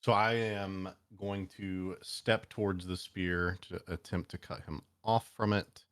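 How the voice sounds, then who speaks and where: Deep voiced guy playing d&d, slow and calm, dry close mic. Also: clear, resonant tone, no echo. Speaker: player. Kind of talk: casual tabletop play.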